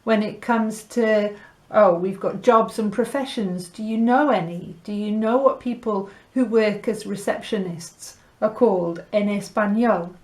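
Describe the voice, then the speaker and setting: A woman teaching a Spanish lesson, drilling sounds clearly and slipping Spanish words into her English. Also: mid-range voice, a little mellow. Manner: slow, clear pronunciation drills with light laughs. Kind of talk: recorded language lesson.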